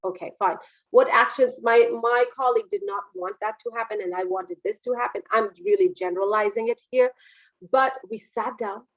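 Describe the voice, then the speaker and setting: A woman giving a mentoring webinar talk over a video call, lively and demonstrative, moving her energy up and down. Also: a little high, moderate pace, highs cut off. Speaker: business speaker and mentor.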